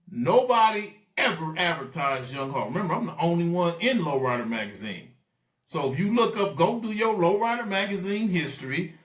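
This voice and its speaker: A guest in a casual interview, this man tells stories with animation, acting out the voices of the people he quotes. His voice sits on the high side and sounds reverberant.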